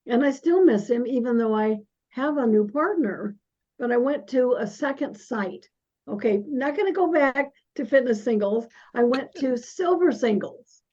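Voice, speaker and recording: An older woman guest speaking in a casual conversation, halting and often restarting her sentences. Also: high-pitched, expressive, mellow. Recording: dull lo-fi audio.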